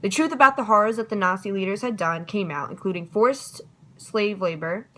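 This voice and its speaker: Bright chatty young woman reviewing history. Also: medium pitch, a little fast, low-quality recording. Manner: chatty and self-deprecating, stumbles over words. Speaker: student giving a history review. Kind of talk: casual study review.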